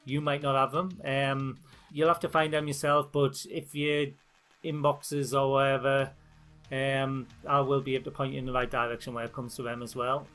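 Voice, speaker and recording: A man from northeast England with a broad northeast English accent, talking through a software tutorial for his channel in a chatty, informal way. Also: mid-range voice, flat delivery, moderate pace, soft background music. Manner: chatty and informal, with fillers and restarts. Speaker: YouTube channel host. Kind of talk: screen-recorded tutorial walkthrough.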